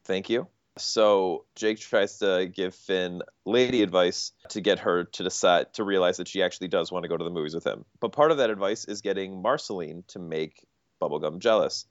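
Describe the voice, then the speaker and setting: A man co-hosting a podcast, recapping cartoon episodes at length in a casual, animated way. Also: low-pitched, normal speed, clean tone, dry recording. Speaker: podcast host. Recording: dull, dry podcast audio.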